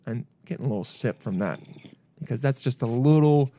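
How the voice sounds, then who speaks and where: Animated, joking male co-host. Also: fairly quick. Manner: animated, swears freely, jumps into high excited voices. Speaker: podcast co-host. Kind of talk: casual comedic chat.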